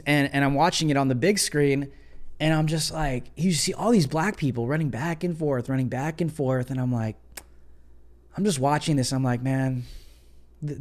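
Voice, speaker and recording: A young adult man hosting a casual opinion livestream, sarcastic and mocking, who talks loosely with many fillers. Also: a little mellow. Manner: sarcastic, mocking, mimics others in high voices. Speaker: livestream host.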